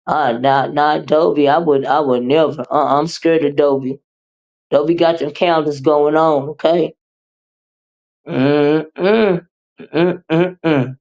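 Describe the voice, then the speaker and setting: A woman hosting a livestream, reading viewer comments and chatting with them in an animated, teasing way. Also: low-pitched, dull audio. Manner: animated, teasing, with repeated "uh-uh" and laughter. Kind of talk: casual chat with viewers.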